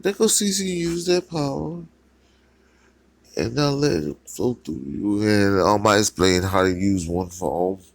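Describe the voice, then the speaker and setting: A man narrates a fan story slowly and casually, rambling along with fillers and restarts. His low, gravelly voice swings widely in pitch, recorded close and dry. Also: lively intonation.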